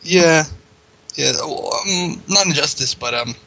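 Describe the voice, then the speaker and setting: A man's voice: fairly high pitch, measured pace, poor audio. A man co-hosting a podcast in casual chat, telling stories with hesitant fillers. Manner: animated, hesitant storytelling with fillers. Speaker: podcast co-host.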